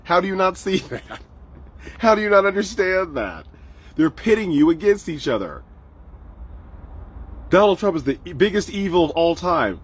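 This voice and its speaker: Husky man ranting in mockery. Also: on the high side. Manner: mocking, repetitive rhetorical questions, profane. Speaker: host. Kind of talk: ranting political commentary.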